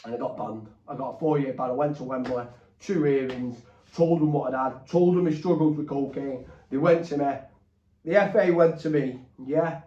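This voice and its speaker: Bloke on a podcast, swears a lot, rambles, sounds far off in a roomy space. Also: male voice, medium pitch, moderate pace, mellow. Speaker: podcast guest. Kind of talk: candid storytelling. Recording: roomy, distant, dull.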